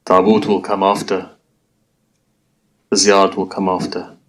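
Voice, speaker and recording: A man's voice: deep voice, level tone, unhurried, poor audio. A man preaching a mourning sermon, telling a story in a conversational way and speaking straight to his listeners. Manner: conversational storytelling, addressing the audience directly. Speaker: Muslim preacher.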